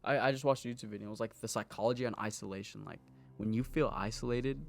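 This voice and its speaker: A man's voice: fairly low pitch, fast, gravelly, faint music behind. A young man co-hosting a podcast, chatting in a laid-back way and musing about dreams and the mind. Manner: laid-back, chimes in, muses at length. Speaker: podcast co-host. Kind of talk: casual chat.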